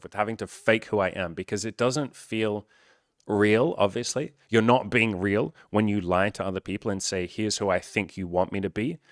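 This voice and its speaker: A man's voice: fairly low pitch, dry recording, studio quality. A young man talking casually to camera as a dating coach, candid and full of swearing and filler words.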